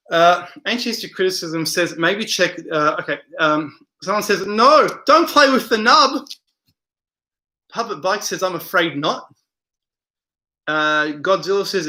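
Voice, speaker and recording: Bright-voiced man rambling through a live chat. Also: on the high side. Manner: rambling, hesitant, many fillers, reads comments aloud. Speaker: live-stream host reading viewer comments.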